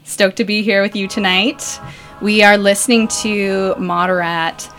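A woman's voice: medium pitch, fairly even intonation, measured pace, a bit bright, faint music behind. A bubbly, upbeat woman, hosting a casual radio show from a studio microphone. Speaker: radio host. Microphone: studio microphone with headphones.

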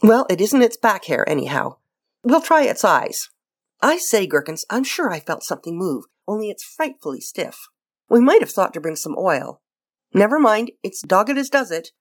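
A woman voicing a breezy, playful upper-class English gentleman detective with a clipped, teasing delivery. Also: mid-range voice, sing-song, moderate pace.

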